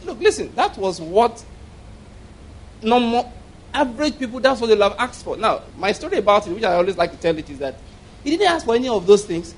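A male preacher delivers a sermon in a high, bright voice. He is animated and humorous, stopping often to check that his listeners are following. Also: a little fast, slight background noise. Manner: humorous, animated storytelling, asks the congregation questions.

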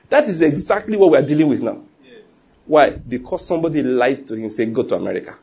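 A middle-aged man preaching a sermon, telling stories with animated quoted voices and frequent laughs. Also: on the high side, fast, a little hiss or hum. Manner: animated storytelling, laughs often, acts out quotes. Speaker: pastor.

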